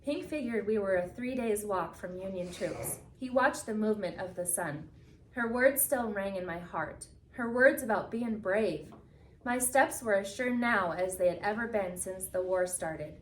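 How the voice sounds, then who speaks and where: A woman reading a picture book aloud with expressive storytelling, slowing down for the solemn moments. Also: medium pitch, a little hiss or hum. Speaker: reader. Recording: echoey room from a distance.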